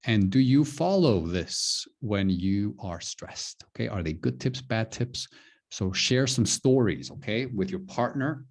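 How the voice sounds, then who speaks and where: A low, gravelly male voice with lively ups and downs in pitch. He teaches an English class, going over phrases slowly and patiently and peppering his talk with "okay". His delivery is unscripted and relaxed. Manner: slow, repetitive explaining with many "okay"s. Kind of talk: online English lesson.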